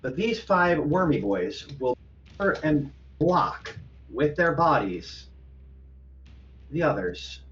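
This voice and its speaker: A man narrating a tabletop game as game master, in slow, deliberate narration over a dull lo-fi recording with faint music. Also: fairly high pitch, big pitch swings, fairly bright tone, far from the mic, a little hiss or hum.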